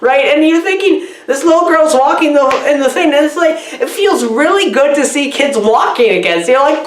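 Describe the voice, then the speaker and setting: A woman's voice: sits high, lively intonation, normal speed, reverberant. A woman doing an absurd comedy film review, rambling and giggling, her voice swooping up and down erratically.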